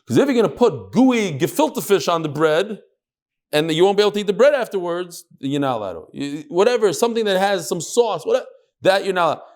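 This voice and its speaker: A man's voice: sits high, very animated, brisk, darkish tone. A man teaching a Talmud class to a room of listeners, joking in asides between readings of the text. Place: classroom with live audience.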